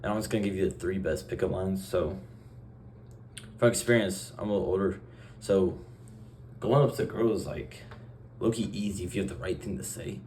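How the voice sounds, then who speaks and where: A young man talks straight to camera in a loose, meandering vlog style. His voice sits very low and his delivery is offhand and deadpan. Now and then he slips into little acted-out exchanges, with a faint hum of background noise. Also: moderate pace, pauses often. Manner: acts out short dialogue exchanges. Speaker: vlogger. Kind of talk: casual vlog monologue.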